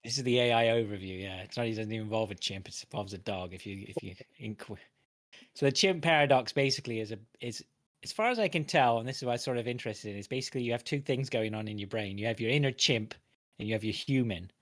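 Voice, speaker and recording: Fast-talking, low-voiced man. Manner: explains with hedges and "right?" checks. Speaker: podcast co-host. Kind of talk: casual chat.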